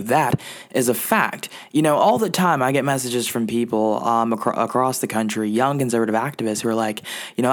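A podcast host talking casually and chatting while asking the guest questions. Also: medium pitch. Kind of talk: podcast interview talk.

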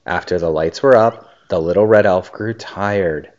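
A man reading a children's story aloud and chatting with his child, a gentle, animated storyteller. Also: low voice, normal speed. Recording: dull lo-fi recording.

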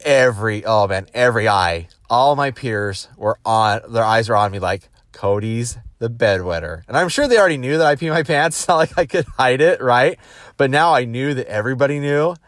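A man's voice: mid-range voice, fairly quick, no room sound, clean studio sound. A man, a business executive, telling personal stories in a casual motivational talk, acting out the people he quotes and restarting his sentences often. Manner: animated, acts out quoted voices, frequent restarts.

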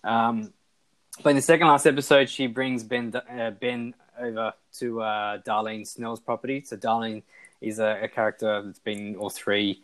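A man's voice: on the low side, level tone, moderate pace, a bit bright, rough recording. A man, casually talking through a TV show on a podcast, rambling with lots of fillers and restarts. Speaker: podcast co-host. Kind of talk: casual chat reviewing a TV show.

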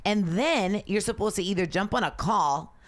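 A woman's voice: mid-range voice, normal speed. A woman co-hosting a podcast in casual chat. She tells stories with energy and acts out what other people said. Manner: lively storytelling, acts out others' lines; says she is loud. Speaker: podcast co-host.

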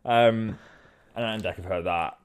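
Low-voiced man riffing comedy. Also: normal speed, clean tone. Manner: playful, lively, jumps into silly voices. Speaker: comedy podcast host. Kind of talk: improvised comic storytelling.

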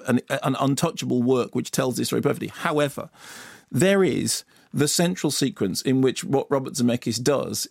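A man's voice: medium pitch, gravelly, no echo, clean studio sound. A man reviewing films on the radio. He talks with enthusiasm and often stumbles and starts his sentences over. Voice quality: enthusiastic, lots of stumbles and restarts. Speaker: film critic. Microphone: studio radio mic.

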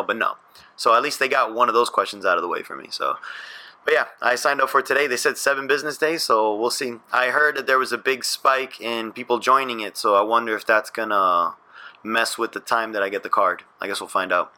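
A man's voice: medium pitch, fairly quick, sharp tone. A man co-hosting a podcast, talking in a laid-back, rambling way and swearing now and then. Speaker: podcast co-host. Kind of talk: casual chat.

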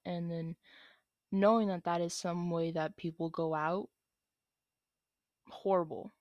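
A young woman chats through viewer questions in a loose, rambling way, with many ums and likes. Her voice sits a bit low for a woman. The sound is dry and close, with no room echo. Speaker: vlogger answering questions. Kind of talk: casual Q&A vlog.

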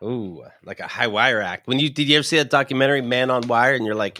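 A man hosting a casual comedy podcast, talking in halting bursts with many restarts and fillers. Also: medium pitch, bright, forceful tone, no echo, clean studio sound. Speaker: podcast host.

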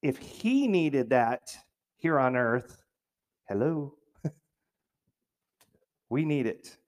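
A man's voice: mid-range voice, sing-song, drawn-out words, a little mellow. A man preaching a sermon in a conversational way, with jokey asides and questions put to the congregation. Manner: jokey asides, restarts phrases.

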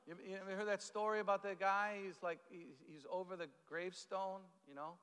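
A man preaching a conversational sermon, halting often, repeating words and adding asides. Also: sits high, expressive, a bit bright, clear, resonant tone. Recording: echoey hall.

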